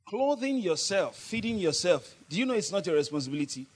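A man preaches fairly quickly in a high voice with a breathy edge. He stays lively, laughing often and trading call-and-response with his congregation.

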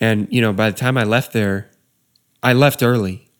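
Young male storyteller, casual, slightly low voice, easygoing. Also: fairly even intonation, moderate pace. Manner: laid-back, says dude and you know a lot. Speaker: wedding DJ telling a story.

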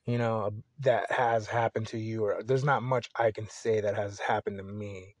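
A man's voice: fairly low pitch, fairly even intonation, moderate pace, no room sound. A young man hosting a podcast alone, talking casually and candidly, rambling and swearing freely. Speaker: podcast host. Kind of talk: casual solo podcast monologue.

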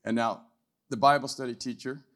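An older man speaking as a guest at a church, telling a testimony story in a loose conversational way, often tagging his lines with "right?" and clearing his throat. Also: medium pitch, fairly even intonation, normal speed, a bit bright. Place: church hall, live event.

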